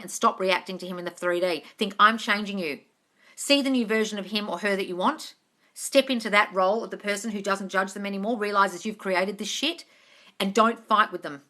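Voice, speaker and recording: A woman's voice: medium pitch, pushed and bright. A woman coach hosting a live question-and-answer stream, talking in a blunt, emphatic way with plenty of swearing.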